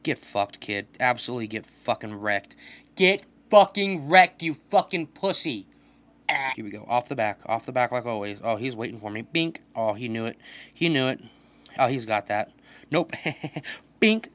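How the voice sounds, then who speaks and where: A young man giving casual commentary while playing a video game, swearing often and trash-talking opponents in an excitable way. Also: medium pitch, moderate pace. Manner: profane, excitable trash talk. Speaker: gaming channel host.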